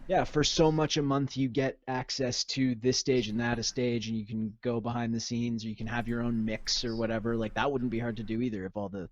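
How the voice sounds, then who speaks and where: A man's voice: mid-range voice, fairly even intonation, fairly quick, few pauses, no room sound, muffled recording. A man chatting casually as a podcast guest, enthusiastic and rambling, with many restarts. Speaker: musician guest.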